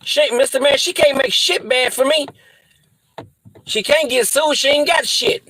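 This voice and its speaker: In poor audio, a very high-pitched man with a pushed, bright voice rants angrily to camera in an unhurried way. This Midwestern US vlogger is profane and threatening toward his viewers, repeating insults over and over.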